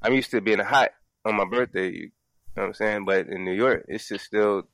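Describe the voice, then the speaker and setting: A man's voice: lowish voice, normal speed, vocal fry, a bit bright, dry recording. A man co-hosting a casual sports podcast from home, loose and profane, rambling with restarts. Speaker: podcast co-host.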